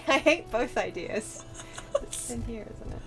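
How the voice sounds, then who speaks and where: A woman's voice: on the high side, animated, a little slow, a bit bright, faint music behind. A woman streaming a video game, chatting casually in a chatty, giggly way. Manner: chatty and giggly, with frequent laughs. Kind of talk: casual gaming chat.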